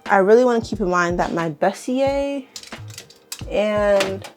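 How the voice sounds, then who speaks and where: A young woman chatting casually as she shows and rearranges her plants, rambling, correcting herself and getting excited. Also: medium pitch, slow pace, soft background music. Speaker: plant vlogger. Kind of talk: casual vlog chat while working. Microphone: handheld camera on tripod.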